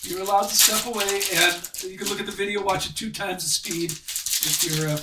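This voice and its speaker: A man's voice: sits high, moderate pace, distant mic, very noisy. A man hosting a live trading card break stream, chatting upbeat as he opens packs and calls out each card. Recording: echoey room, voice a bit off-mic.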